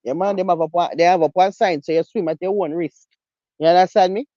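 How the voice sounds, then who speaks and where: A woman with a Jamaican accent talking in patois in a casual live-stream chat, animated and emphatic. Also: fairly low pitch, fast, dry recording, dull audio. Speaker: co-host.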